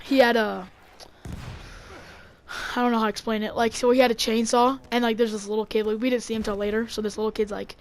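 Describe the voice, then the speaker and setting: A young woman rambling through a story on her channel, full of fillers and quick laughs. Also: a little high, little pitch movement. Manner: rambling, filler-heavy, laughing between lines. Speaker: YouTuber. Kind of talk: casual storytelling.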